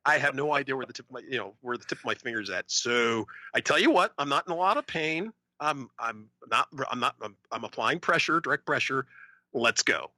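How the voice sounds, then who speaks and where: A man co-hosting a podcast, telling a story in a casual, animated way and acting out the voices of other people. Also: mid-range voice, fairly quick, no echo. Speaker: podcast co-host.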